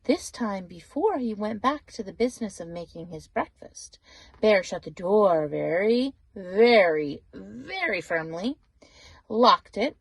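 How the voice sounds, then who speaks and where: Older woman, storybook reader, slow pace, lively high voice, whispered asides. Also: vocal fry, breathy edge, no room sound. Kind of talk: reading a picture book aloud with asides.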